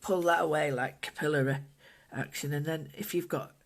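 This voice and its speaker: Speaking at a normal speed in a mid-range voice, an art instructor walks through a relaxed, gentle drawing and painting tutorial, musing aloud as she works at a desk indoors.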